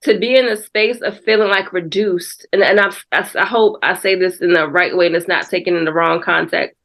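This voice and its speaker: A woman's voice: fairly low pitch, steady tone, brisk, fairly bright tone. A woman guest on a faith podcast, speaking in a reflective, testimonial way and calling the host "girl.". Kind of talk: casual faith podcast conversation.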